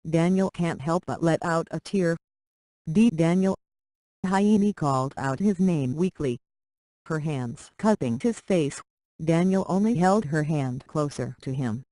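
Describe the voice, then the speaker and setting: A reader narrating a short romance story aloud in a plain, steady way. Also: medium pitch, a little slow, no echo, poor audio.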